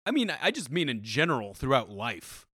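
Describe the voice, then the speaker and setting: A young man co-hosting a casual chat podcast, jokey and quick to laugh. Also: mid-range voice, very animated, bright, forceful tone, slightly rough, no echo, studio quality. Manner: jokey, does mock impressions, laughs often. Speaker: podcast co-host.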